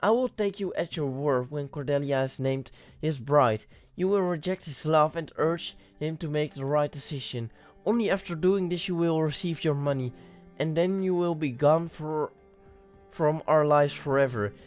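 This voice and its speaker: A man's voice: a little high, moderate pace, faint music behind, natural voice. A man reading the lines of a stern, dismissive queen in a story game. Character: cold, commanding queen, a middle-aged woman.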